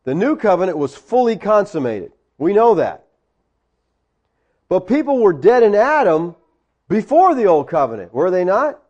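Man preacher, high-pitched, emphatic, teaching sermon full of rhetorical questions. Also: very animated, moderate pace, darkish tone, muffled recording. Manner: emphatic, rhetorical questions, explains Greek words.

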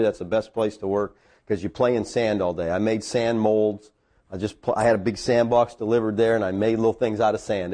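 Here a pastor in middle age is preaching, weaving in a story of his own. His voice lifts to a high register in the excited moments.

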